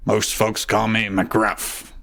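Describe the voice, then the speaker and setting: A man voicing a bashful male bloodhound police officer in a live comedic fanfic reading, slow and earnest. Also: lowish voice, monotone, vocal fry, fairly bright tone, full character voice. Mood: shy flirting.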